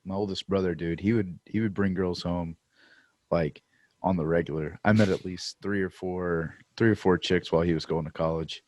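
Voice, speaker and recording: A man's voice: low voice, steady tone, moderate pace, a little mellow, a little hiss or hum. A man co-hosting a podcast, telling laid-back stories in casual chat. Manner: laid-back storytelling, says "dude". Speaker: podcast co-host.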